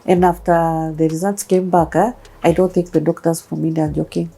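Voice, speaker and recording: A Kenyan woman in her thirties tells her own story as an interview guest. Her voice sits a little low and mellow, and she brings the people in her story to life as she tells it. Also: a little fast, vocal fry, husky, poor audio. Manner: animated storytelling, acting out quoted voices. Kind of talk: personal testimony interview.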